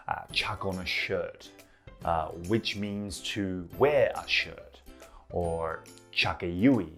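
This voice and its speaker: A man with an Australian accent hosting a casual lesson, explaining slang slowly with many ums and uhs. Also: low-pitched. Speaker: host teaching Australian slang. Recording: soft music underneath.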